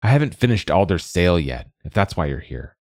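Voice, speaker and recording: A man's voice: low voice, sing-song, fairly quick, darkish tone, no room sound, studio quality. A man voicing a cross, guarded old spinster who talks in curt, snappish lines. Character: old woman, cross, guarded, sharp-tongued.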